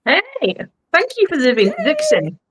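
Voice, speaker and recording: A woman's voice: sits high, wildly swooping pitch, normal speed. Blunt joking British woman. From United Kingdom. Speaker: podcast co-host guest. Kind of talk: casual chat.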